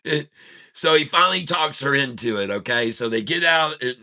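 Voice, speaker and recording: In a bright, forceful, mid-range voice, a day-trading channel host speaks expressively and a bit fast. He wanders through a long joke with many restarts, laughing at himself, and then turns to the markets.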